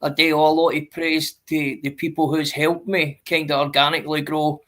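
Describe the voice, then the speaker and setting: A man's voice: a little high, flat delivery, moderate pace, a bit bright. A man, a guest on a casual live-stream chat, earnest and swearing, calling people mate.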